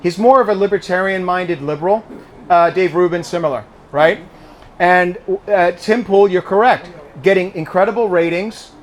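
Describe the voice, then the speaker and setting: A man's voice: high-pitched, moderate pace. A man in his fifties answering audience questions in a conversational way, often repeating words as he starts a sentence. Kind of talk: speech with audience Q&A. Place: living room of a private home with an audience.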